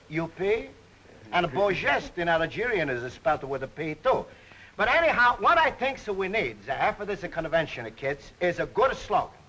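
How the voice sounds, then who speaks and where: A man's voice: sits high, bright, forceful tone, full character voice, poor audio. An actor putting on a comic broken-English dialect, playing a chummy, joking immigrant man who laughs as he talks.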